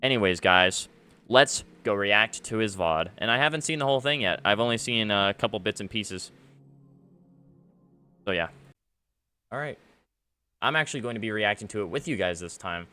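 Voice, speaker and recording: A man gives gaming commentary straight to his audience in a ranting, aggrieved tone. His voice is bright and forceful, with a smooth, clean sound. It sits a little low in pitch. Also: expressive, normal speed, long pauses. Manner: aggrieved, ranting, many fillers. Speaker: gaming YouTuber. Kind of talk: commentary to camera. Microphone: face cam setup.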